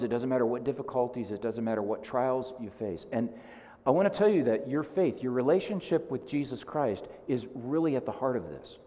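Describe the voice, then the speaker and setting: A male pastor preaching a sermon in an earnest, repetitive way, often dropping soft on key lines. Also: medium pitch, big-room sound.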